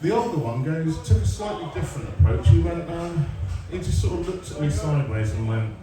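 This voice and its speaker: An English comedian in his forties works a comedy club stage, sarcastic and cursing as he tells stories and talks with the audience. His voice is a little high, animated, and fairly quick. The mic hears him from afar in a roomy live venue, alongside the crowd and their laughter.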